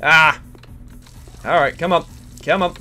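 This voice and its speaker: A man giving crude, excitable let's play commentary and chatting to the characters in the game. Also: a little high, takes it slowly, faint music behind. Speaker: gaming channel host.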